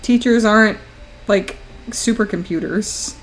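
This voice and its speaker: A woman's voice: medium pitch, measured pace, low-quality recording. A woman streaming while she draws, chatting casually, laughing often and reacting to her chat.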